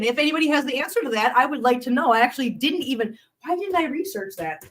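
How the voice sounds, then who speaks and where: High-voiced chatty woman hosting a live stream. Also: expressive, fast talker, a bit bright, far from the mic. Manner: chatty, laughs often, coaxes her cats. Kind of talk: casual live stream chat.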